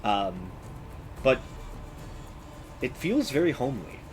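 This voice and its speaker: A man narrating a tabletop game as game master, pausing often with ums and uhs. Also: medium pitch, sing-song, faint music behind, low-quality recording. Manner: halting, many ums and uhs.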